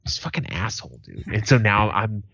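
Guy in his 30s cussing through a story on a podcast, lowish voice, dull dry mic. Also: fairly quick, vocal fry, husky, dry recording. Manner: profane storytelling, animated quoted voices. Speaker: podcast co-host. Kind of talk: casual chat.

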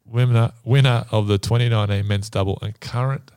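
A man's voice: on the low side, fairly even intonation, fairly quick, a little mellow, smooth, no room sound, studio quality. A man hosting a casual podcast quiz, bantering and laughing with his guests. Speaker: quiz host.

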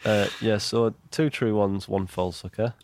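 Deep male co-host, deadpan and halting, faint hiss behind. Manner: halting, deadpan storytelling with fillers. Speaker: podcast co-host. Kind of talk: casual comedic chat.

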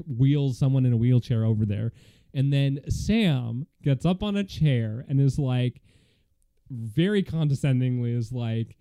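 A man's voice: medium pitch, mellow. A man co-hosting a podcast, chatting casually and sarcastically as he recaps a TV episode, laughing often. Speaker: podcast co-host.

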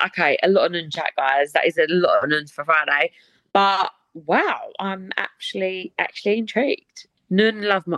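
Chatty woman, lowish dry voice. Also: fairly even intonation, a little slow, a bit bright, dry recording. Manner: chatty, giggly, dramatic reactions. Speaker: podcast host. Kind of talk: casual chat.

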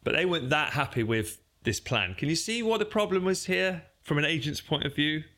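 A man's voice: on the high side, fairly quick. Man telling stories animatedly. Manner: animated storyteller, puts on voices in quotes. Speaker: podcast co-host. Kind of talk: casual chat, storytelling.

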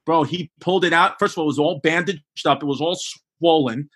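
Husky comedian dude in his 40s, punchy and crude, rambling podcast stories. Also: a little high, quick pace, fairly bright tone. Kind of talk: casual podcast chat.

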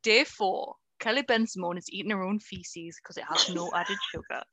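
Woman putting on a Geordie reality-TV voiceover, shouted, deadpan announcer delivery, bright sharp tone. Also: medium pitch, moderate pace. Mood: mock-announcing.

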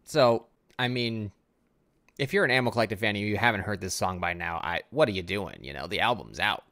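A man's voice: on the low side, lively intonation, brisk, pushed and bright, dry recording. A tired man co-hosting a podcast, rambling through a casual music discussion with lots of filler words. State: tired, yawning. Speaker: podcast co-host.

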